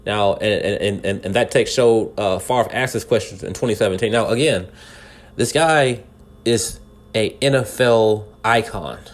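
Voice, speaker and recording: A man's voice: on the low side, measured pace. A man from California giving casual news commentary, speaking earnestly and putting rhetorical questions straight to the listener, with many restarts and repeated words. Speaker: podcast commentator.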